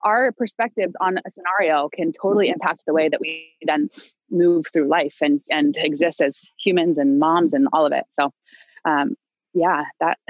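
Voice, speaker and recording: A woman's voice: deep voice, no room sound, muffled recording. A young woman speaking as a podcast guest, telling a personal story in a loose, rambling way full of fillers, restarts and light laughs. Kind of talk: casual conversational storytelling.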